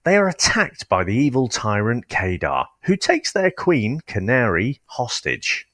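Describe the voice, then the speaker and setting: Man, animated, laughs easily, close dry mic. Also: medium pitch, a little slow, dry recording. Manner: laughs often, animated storytelling. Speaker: podcast co-host. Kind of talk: casual film review chat.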